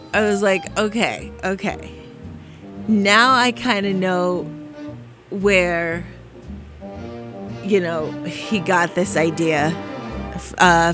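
A woman rambles through a casual chat at a middle pitch, chatty and animated, and laughs easily. Faint music plays behind her.

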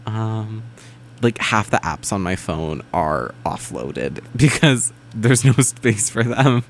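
Man, co-host, casual radio chat, low voice, very animated, laughs easily. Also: slow, slight background noise.

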